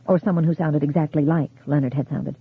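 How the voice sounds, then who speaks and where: An audiobook narrator reading a horror novel in a measured, storytelling manner. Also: mid-range voice, fairly even intonation, husky. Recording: tinny phone-like sound.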